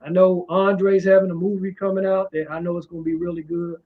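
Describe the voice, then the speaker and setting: A middle-aged man from Washington, D.C. talks with a soft drawl, in a loose, rambling style full of "you know" fillers. His voice sits a little high for a man. The recording sounds muffled and dull. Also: level tone, fairly quick. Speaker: music promoter and guest. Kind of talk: casual interview. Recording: muffled low-fidelity sound.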